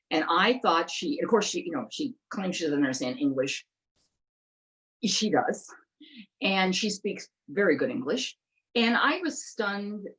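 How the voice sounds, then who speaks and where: A middle-aged investigative journalist interviews on a political discussion show in a voice on the low side, and the audio is poor. She speaks emphatically, stumbling over words now and then.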